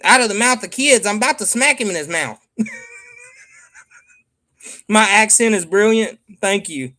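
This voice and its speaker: A man's voice: high voice, expressive, a little slow, pushed and bright. A man with a Southern American accent chatting casually to viewers as a father and streamer, joking and trailing off with ums. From Michigan. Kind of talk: casual rambling chat to viewers.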